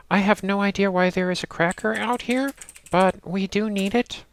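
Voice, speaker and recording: A woman narrating a game walkthrough in a steady, instructional way, talking the player through each step. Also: medium pitch, no room sound. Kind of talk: casual let's-play walkthrough narration.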